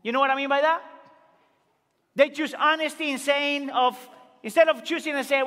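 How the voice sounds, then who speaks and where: A male pastor delivers a sermon with a strikingly high, bright voice. He swings between emphatic, rising exclamations and quiet, low asides. The sound carries a long church-hall reverb. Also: normal speed. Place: church sanctuary.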